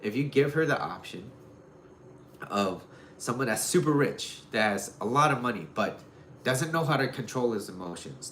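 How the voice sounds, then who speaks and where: Guy talking dating advice, kinda low voice, loose and rambly, echoey room w/ a little hiss. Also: fairly bright tone. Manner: rambling, loose, lots of "like" and "you know". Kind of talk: casual advice talk. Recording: roomy echo with faint noise.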